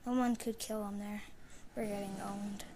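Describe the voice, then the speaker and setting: A woman giving live commentary while playing a shooter game, mostly muttering low with sudden loud outbursts. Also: level tone, moderate pace, a little hiss or hum. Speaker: gamer streaming live play.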